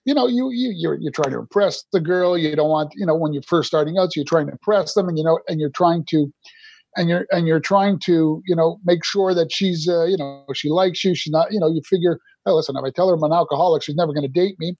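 A man's voice: a little high, fairly quick, creaky, darkish tone, breathy edge, muffled recording. A middle-aged man from Canada, a podcast guest, telling his recovery story candidly in a rambling way, restarting his sentences often.

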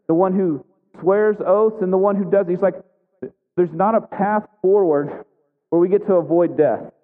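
A man giving a conversational sermon, full of questions and restarts. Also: a little high. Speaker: pastor. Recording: tinny phone-like sound in a reverberant hall.

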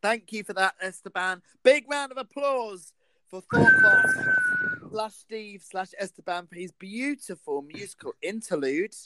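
Animated high-voiced male comedy co-host. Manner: jokey, animated, quick asides. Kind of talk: casual comedic banter.

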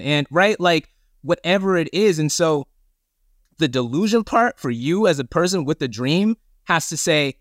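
A man's voice: fairly high pitch, lively intonation, normal speed, fairly bright tone, no echo. Man, podcast guest, earnest, emphatic, casual slang, dry sound. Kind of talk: conversational interview.

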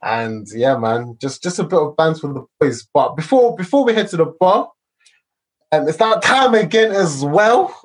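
A man's voice: a little high, lively intonation, normal speed, low-quality recording. A man hosting a casual football podcast, laid-back and rambling with many fillers. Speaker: podcast host.

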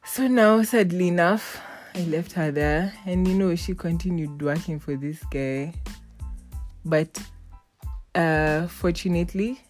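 A woman's voice: fairly low pitch, measured pace, faint music behind. A young woman, chatting casually and telling stories, acting out the people she quotes and laughing often. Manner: animated, laughing, acts out quoted voices. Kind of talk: casual storytelling chat.

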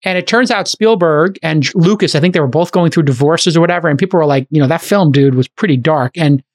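A middle-aged man hosting a podcast in casual chat, talking quickly and enthusiastically with many "like" fillers. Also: fairly high pitch. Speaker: podcast host.

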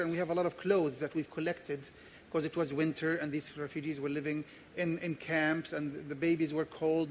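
Jordanian pastor telling a lively story. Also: male voice, fairly high pitch, slight background noise. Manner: animated storyteller, acts out dialogue. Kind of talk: sermon with personal story.

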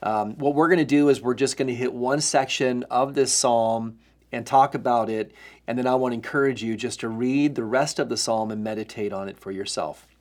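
A man's voice: mid-range voice, normal speed, darkish tone. A male pastor giving an earnest, emphatic sermon teaching, with frequent fillers and restarts.

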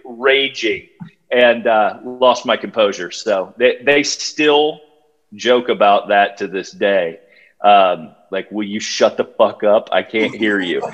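A man, a podcast guest telling a story in a halting way, full of fillers and restarts. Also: mid-range voice. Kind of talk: casual storytelling. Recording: dull lo-fi sound.

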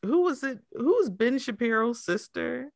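A woman's voice: on the high side, animated, normal speed, creaky, darkish tone, no echo, studio quality. A woman co-hosting a podcast in casual chat, cursing a lot, tripping over her restarts, and laughing through her own rants. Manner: profane, stumbling restarts, laughing asides. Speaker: podcast co-host.

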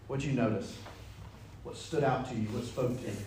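A man leading an interactive Bible study, reading scripture and acting out the dialogue with lively energy. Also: medium pitch, a little fast, a little hiss or hum. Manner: animated, acts out dialogue in voices. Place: church meeting room. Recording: echoey room.

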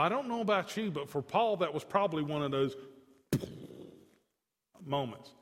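Pastor guy preaching, kinda high voice, gets fired up acting out the quotes, big church echo. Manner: earnest, animated preaching with acted-out quotes. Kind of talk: sermon. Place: church sanctuary.

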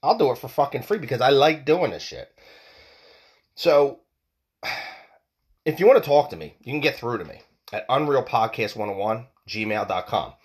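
A man's voice: medium pitch, expressive, normal speed, long pauses. A man hosting a solo podcast, ranting with heated, profane talk, often repeating and stumbling over his words. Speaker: podcast host.

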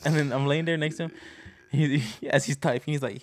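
A man's voice: medium pitch, steady tone, fairly quick, no echo, studio quality. A teenage man co-hosting a podcast, telling rambling stories full of fillers and giggles. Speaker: podcast co-host. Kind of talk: casual chat.

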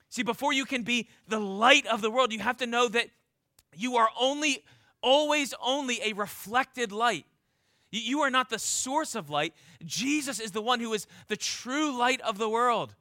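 Male preacher, fervent sermon, high bright voice, dry close sound. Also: animated, unhurried, no echo. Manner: impassioned, with repeated rhetorical questions and restarts.

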